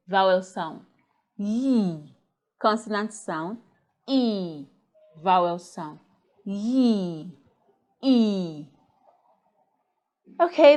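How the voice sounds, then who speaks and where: A woman with a medium-pitched, darkish voice teaches a slow, deliberate English pronunciation lesson. She drills minimal pairs one word at a time, checking in with the class with "Okay?" and "Clear?"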